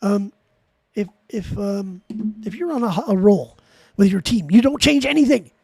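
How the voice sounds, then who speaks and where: Man, high voice, gravelly, profane ranting, streamer at a desk mic. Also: animated, measured pace, darkish tone, no echo. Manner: rambling with frequent restarts. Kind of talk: casual live-stream chat. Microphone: desk mic while gaming.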